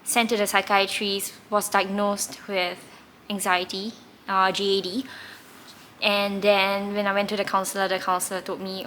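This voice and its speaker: A woman's voice: medium pitch, little pitch movement, moderate pace, a bit bright, slight background noise. A woman, candidly telling a personal story in a reflective way, with occasional laughs. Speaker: tarot reader recounting her past.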